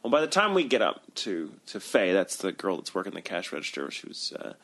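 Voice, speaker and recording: A man co-hosting a podcast, telling a long story in a casual, animated way and swearing freely. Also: low voice, fairly quick. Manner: animated, profane and full of voices. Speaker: podcast co-host.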